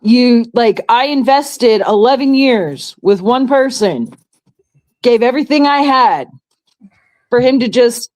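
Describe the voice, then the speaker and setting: Middle aged new york woman, blunt and cussing, voice kinda high, laughs easy. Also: expressive, slow pace, darkish tone, poor audio. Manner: frank, laughing, swears. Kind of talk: crude casual chat.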